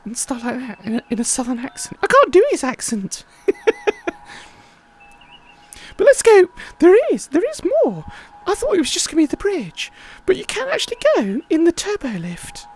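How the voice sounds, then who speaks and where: A woman's voice: high-pitched, huge pitch swings, moderate pace. A woman hosting a livestream, chatting in a rambling, casual way with many fillers. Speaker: livestream host.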